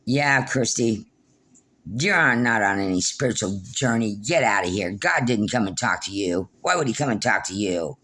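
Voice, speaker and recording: A woman's voice: very deep voice, animated, moderate pace, fairly bright tone, breathy edge, heavily acted. A woman mimicking a scornful scolding man. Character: scolding dismissive man, a cousin.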